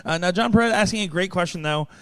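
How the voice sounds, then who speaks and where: A man's voice: sits high, quick pace, fairly bright tone, clean tone, dry recording. A man hosting a darts stream, upbeat and joking, talking loosely with frequent fillers. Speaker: stream host and commentator. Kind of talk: live sports commentary.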